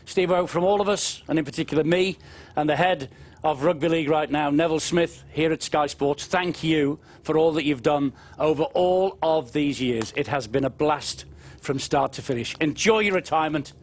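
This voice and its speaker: A man presenting a sports broadcast from the studio, measured and quick to laugh. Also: a little high.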